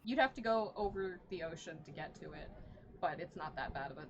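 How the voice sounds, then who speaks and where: A woman's voice: on the low side, expressive, fairly quick, lo-fi sound, background noise. A woman narrating a tabletop game as game master, in a casual, laughing way.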